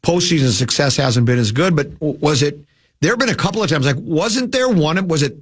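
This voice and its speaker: A man hosting a sports talk radio show, sounding lower than usual from a cold, rambling and restarting his sentences. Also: animated, a little fast, slightly rough. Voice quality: usually whiny and nasal.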